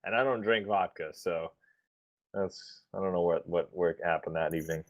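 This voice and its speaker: A man's voice: sits low, normal speed, noisy background. A man playing a tabletop game, chatting boisterously, laughing often and swearing freely. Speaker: player. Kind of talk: casual chat during a tabletop game.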